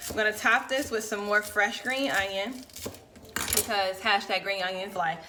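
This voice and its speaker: A woman's voice: mid-range voice, steady tone, normal speed, reverberant, background noise. A woman casually demonstrating a recipe in her home kitchen, chatty and playful, talking straight to her viewers. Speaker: home cooking vlogger.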